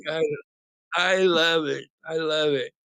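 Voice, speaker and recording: Teasing man, slightly high voice. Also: fairly even intonation, takes it slowly, vocal fry, pushed and bright, clear, resonant tone, no room sound. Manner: teasing, joking banter. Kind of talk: casual livestream chat.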